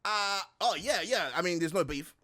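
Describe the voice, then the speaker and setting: A New man hosting a casual sports podcast, his voice lively and swinging up and down. His tone is bright and forceful, and he teases his guests. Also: high voice, normal speed. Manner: animated, swears, teasing. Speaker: podcast host.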